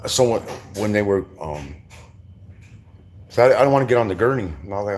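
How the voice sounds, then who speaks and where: A man's voice: deep voice, fast talker, a little mellow, a little hiss or hum. A middle-aged man from Southern California recounting prison stories in casual, profane street slang, full of restarts. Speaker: former prisoner telling stories. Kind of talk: casual storytelling.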